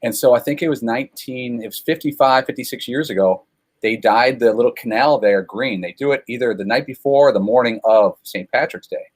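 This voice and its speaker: A man's voice: mid-range voice, fairly quick, low-quality recording. A man from Chicago, a guest telling long, rambling, self-deprecating stories in a casual way, with many fillers. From Chicago, USA. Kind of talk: casual storytelling over a call.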